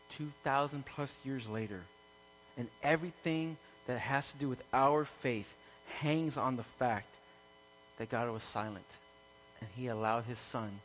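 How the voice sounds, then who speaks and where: A man preaching a sermon to a congregation, building from calm teaching to loud, impassioned peaks. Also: mid-range voice, a little hiss or hum. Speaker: pastor. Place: room with an audience.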